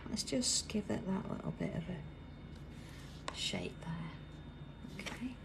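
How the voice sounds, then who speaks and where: A British woman with a gravelly, fry-tinged voice leads a live craft tutorial from her workroom. She chats easily and slips into near-whispers while she concentrates on drawing. A constant hum of background noise sits under her voice. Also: mid-range voice, wildly swooping pitch, slow. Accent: British English. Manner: chatty, drops to a soft whisper while drawing. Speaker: craft demonstrator hosting a live stream. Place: busy indoor craft workroom.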